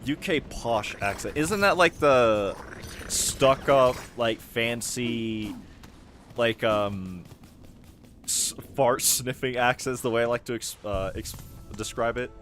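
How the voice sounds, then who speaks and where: A man's voice: medium pitch, slow pace, fairly bright tone, slight background noise. A young man rambling casually while he plays a game and answers chat, chuckling often. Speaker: gaming streamer. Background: game music.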